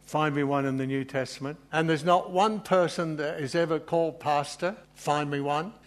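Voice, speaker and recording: A man's voice: on the high side, steady tone, normal speed. Emotional, chatty male preacher. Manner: emotional, informal, self-deprecating with frequent fillers. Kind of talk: sermon.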